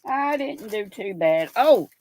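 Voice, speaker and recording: A woman's voice: on the high side, lively intonation, slow pace, darkish tone. An older woman, hosting a casual live-stream chat and reading viewer comments aloud in a chatty, affectionate way. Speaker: host.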